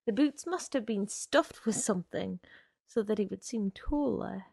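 A woman reading a short story aloud in a measured, unhurried way. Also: medium pitch, creaky, warm tone, no room sound. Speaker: reader.

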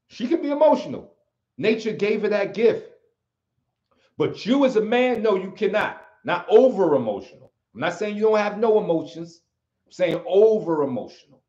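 The voice is high but darkish in tone: an American martial arts teacher hosting a livestream. He delivers a forceful, preachy motivational talk, drilling key phrases repeatedly, on audio that is roomy and slightly dull.

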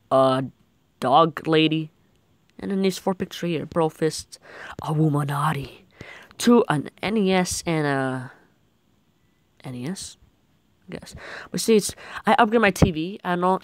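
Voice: mid-range voice, no room sound. A young gaming video creator giving rambling, jokey gameplay commentary.

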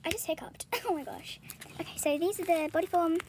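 A soft-spoken teenage girl with a British accent, rambling and giggling through a casual vlog from her bedroom floor. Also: extremely high pitch, a little fast. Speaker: vlogger. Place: bedroom floor strewn with stationery. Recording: clear crinkling and rustling noise.

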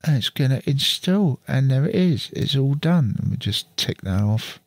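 A man's voice: mid-range voice, animated, moderate pace, gravelly, no echo. A man chatting casually as he walks through a computer setup on screen, thinking aloud as he works, recorded on a studio mic through an audio interface. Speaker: channel host.

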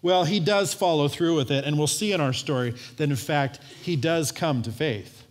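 A man preaching a sermon as pastor, telling a story in a lively way and acting out the voices of its people. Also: fairly high pitch, normal speed. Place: church sanctuary. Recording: long church hall reverb.

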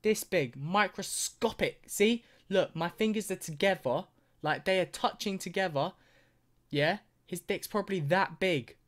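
A man's voice: high voice, measured pace, fairly bright tone. A young man ranting through a reaction video, swearing constantly and mocking what he sees.

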